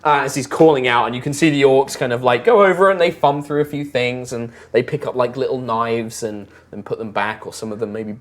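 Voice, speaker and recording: Low-voiced woman game master. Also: a little fast, hardly any pauses. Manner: loose, rambling description full of "um" and "like". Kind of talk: narrating a tabletop game.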